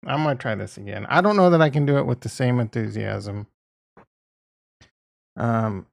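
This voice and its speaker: A man's voice: mid-range voice, animated, normal speed, creaky, fairly bright tone. A man giving casual market commentary as a video host, blunt and profane, repeating his points and getting exasperated. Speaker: crypto and stock market YouTuber.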